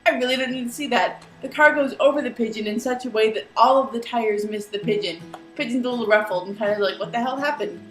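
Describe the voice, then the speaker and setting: A young vlogger with a fairly high voice talks fast, recounting a funny everyday story in a chatty, animated way and mimicking what other people said. The mic sits at a distance, and the room echoes, with faint music playing.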